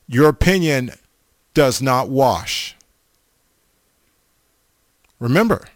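A man's voice: mid-range voice, lively intonation, drawn-out words, long pauses, dry recording, studio quality. A man preaching a sermon, blunt and emphatic, stammering over restarts and repeating himself for stress.

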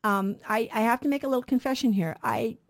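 A woman co-hosting a Bible show on the radio. She teaches with earnest emphasis, often posing questions to her listeners. Her voice sits a little high. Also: fairly quick. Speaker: radio Bible program co-host. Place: radio studio.

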